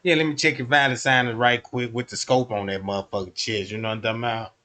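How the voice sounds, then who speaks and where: A man streaming a comedic rant, telling profane, animated stories and acting out the scenes. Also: mid-range voice, quick pace. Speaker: streamer commentator.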